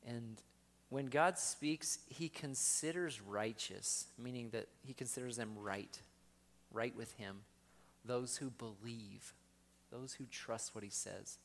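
A man's voice: mid-range voice, slow, fairly bright tone. A man preaching a sermon in a conversational way, often asking his listeners questions.

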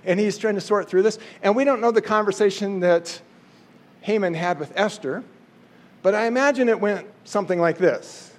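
A man's voice: high voice, moderate pace. A man casually retelling a Bible story in a playful, chatty way. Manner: playful, chatty, acts out quotes.

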